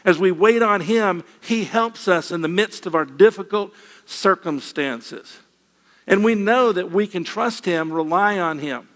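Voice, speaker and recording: Older male preacher, folksy and lightly humorous, slightly high voice, reverberant hall. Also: measured pace. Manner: folksy, with gentle humor and repeated phrases. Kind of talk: sermon.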